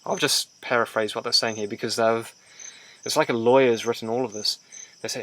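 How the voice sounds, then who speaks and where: A man's voice: medium pitch, steady tone, a little fast, pushed and bright, low-quality recording. A man giving a commentary, explaining a church statement in plain, conversational words.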